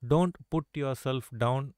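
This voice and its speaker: A man's voice: mid-range voice, takes it slowly, a little mellow, clean tone, dry recording, studio quality. A man teaching a live chess lesson, coaxing his students with rhetorical questions and constant "right?" and "okay?" checks. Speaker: chess coach.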